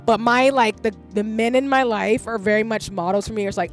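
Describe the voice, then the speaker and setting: A woman's voice: on the high side, fairly even intonation, brisk, few pauses, soft background music. A woman in her thirties chatting casually on a livestream, rambling and candid and swearing freely. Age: 30s. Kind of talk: casual stream chat.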